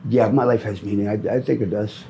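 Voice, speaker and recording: A man's voice: lowish voice, steady tone, a little fast, gravelly, warm tone, slight background noise. A middle-aged man from Minnesota answering interview questions on the street, rambling, repeating himself and often ending with "man.".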